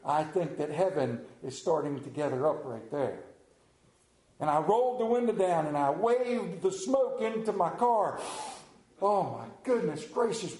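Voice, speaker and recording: A man telling a folksy story with a dramatic, drawn-out delivery and slowed emphasis. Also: high voice, mellow. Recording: roomy echo.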